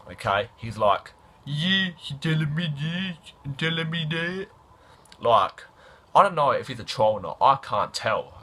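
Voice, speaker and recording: A man's voice: lowish voice, bright, forceful tone. A man casually and mockingly rambling about a song he finds laughable. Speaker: music reviewer. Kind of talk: casual commentary.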